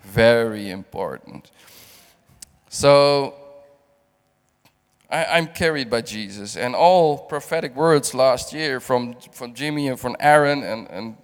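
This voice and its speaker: Man from the Netherlands, middle-aged, preaching, halting and repetitive, slow unhurried delivery, long hall reverb. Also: mid-range voice. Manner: halting, repeats words, emotional testimony. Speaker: guest preacher. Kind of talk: sermon.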